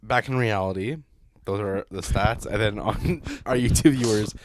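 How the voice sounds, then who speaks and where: A man's voice: lowish voice, moderate pace, background noise. A young man co-hosting a podcast, steadily reading out numbers and steering the conversation. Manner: steady, reads out stats, steers the talk. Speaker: podcast co-host. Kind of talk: casual chat.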